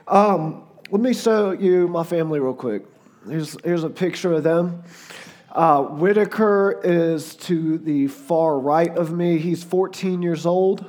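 A hoarse man in his forties with a Southern US drawl, speaking a touch higher than most men. He chats and jokes through his stories as a guest preacher. He leans on "like" and "uh" as he talks. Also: takes it slowly, a little mellow. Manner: chatty and joking, lots of "like" and "uh". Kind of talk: casual storytelling before a sermon.

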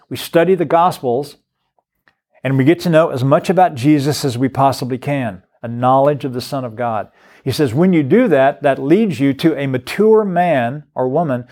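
A man's voice: medium pitch, a little mellow. An older man giving an earnest, preaching-style talk on scripture, often repeating words as he builds emphasis. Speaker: guest speaker on discipleship.

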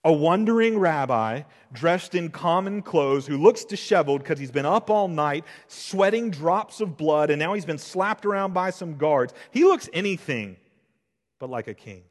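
A man preaching an expository sermon as pastor, shifting between loud emphasis and hushed, intense passages. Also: fairly high pitch, lively intonation, normal speed. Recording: long hall reverb.

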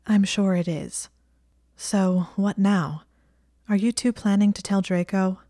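Lady playing a defensive bookish witch girl, earnest clipped talk, warm mellow voice. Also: mid-range voice, slow, dry recording, studio quality. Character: clever stubborn teenage witch girl, defensive.

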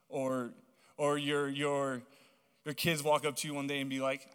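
A young man from Hawaii delivers a casual storytelling sermon at a middle pitch, rambling and animated with plenty of casual fillers. His voice carries the long reverb of a large church auditorium. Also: normal speed, clear, resonant tone. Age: young adult. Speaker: young guest preacher.

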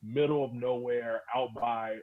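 A man's voice: mid-range voice, steady tone, unhurried. A young man from Texas co-hosting a podcast in loose, rambling casual chat, swearing freely and full of fillers. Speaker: podcast co-host. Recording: tinny phone-like sound.

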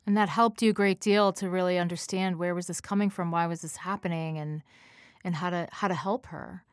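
A woman hosting a radio talk show, interviewing a guest with gentle, affirming remarks. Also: lowish voice, steady tone, a little fast, no echo, clean studio sound.

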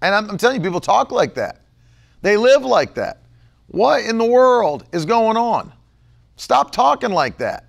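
Male preacher, high lively voice, slow deliberate emphatic delivery, repeats lines. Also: gravelly. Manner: emphatic, repeats key phrases, mocks others in a low mumbling voice. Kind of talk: livestream sermon.

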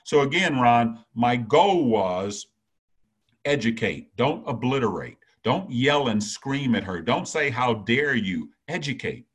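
A man in his sixties, a retired executive, talking earnestly as an interview guest and telling a story in a measured way, often repeating words as he thinks. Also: medium pitch, sing-song, slightly rough. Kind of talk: conversational storytelling.

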